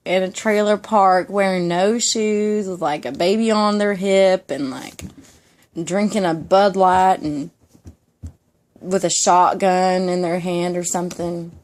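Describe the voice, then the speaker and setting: A woman's voice: fairly low pitch, steady tone, slow, a little mellow. A young woman from Georgia with a Southern Georgia accent, chatting casually and emphatically in an ASMR vlog. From Georgia, USA. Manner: chatty, emphatic, frequent "definitely" and "like". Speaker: ASMR vlogger.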